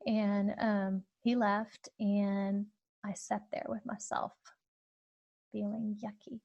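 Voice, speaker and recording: A podcast host in her thirties tells a personal story openly and searchingly, with plenty of fillers and restarts. Her medium-pitched voice is level, measured and darkish, and the sound is lo-fi.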